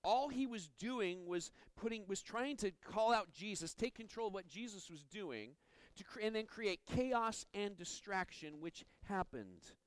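Male pastor, higher voice, earnest preaching with restarts, dry close mic. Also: lively intonation, a little slow, clear, resonant tone, no echo, rough recording. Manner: earnest, stumbles and repeats words. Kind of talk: sermon.

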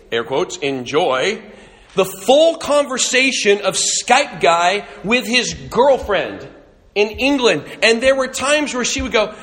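A man's voice: high voice, a bit bright. A man preaching a sermon as a pastor, telling a story in a conversational way with humorous asides.

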